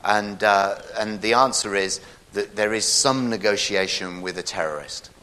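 A man's voice: lowish voice, normal speed, heavy background noise. A man, a pastor giving a jokey, rambling sermon in church.

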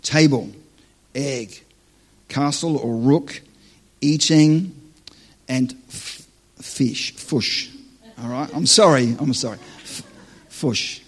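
A man's voice: medium pitch, takes it slowly, pauses often. A man preaching live to a church audience, teaching on dreams in a joking, conversational, self-deprecating way.

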